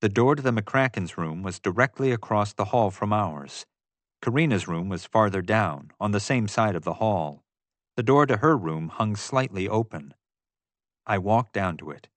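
A man giving steady, measured first-person audiobook narration. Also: fairly low pitch, dry recording.

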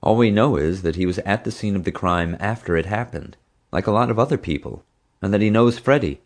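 A man's voice: lowish voice, expressive, brisk. A man reading an audiobook, voicing a confident, easygoing father who talks bluntly and matter-of-factly. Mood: reasoning. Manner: blunt, matter-of-fact, assured.

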